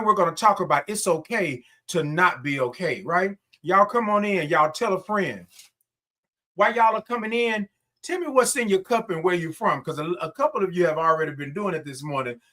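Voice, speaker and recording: A man's voice: a little high, expressive, brisk, pushed and bright. A man hosting a casual morning livestream, greeting viewers by name and stretching out his sung greetings. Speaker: livestream host.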